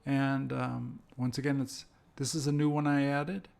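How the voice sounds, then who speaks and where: A man teaching an English lesson, speaking slowly and carefully and repeating example phrases. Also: medium pitch, level tone, creaky, darkish tone. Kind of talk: slow, deliberate language lesson.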